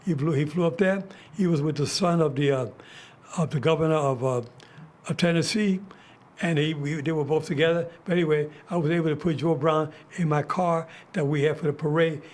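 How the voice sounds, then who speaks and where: A man's voice: a little high, steady tone, brisk. An older man hosting a talk show, telling casual stories with many restarts and fillers. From United States. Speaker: host. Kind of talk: casual storytelling chat.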